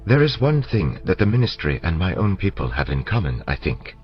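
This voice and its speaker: A man voicing a calm, formal male scholar in an audiobook, polite and measured, on a dull lo-fi recording with faint music. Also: low voice, voice pushed up.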